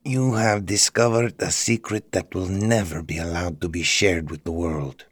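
A man voicing a menacing Egyptian guardian with a put-on Arabic accent, speaking in a hushed half-whisper. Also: low-pitched, steady tone, normal speed, dry recording, studio quality. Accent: Arabic-accented English, put on. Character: menacing Egyptian male guardian, cold and curt.

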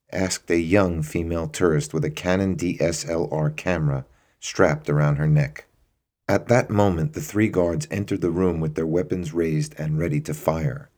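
A man narrates a dramatic story in a low, deep voice. His reading is steady and measured, letting the scenes unfold evenly.

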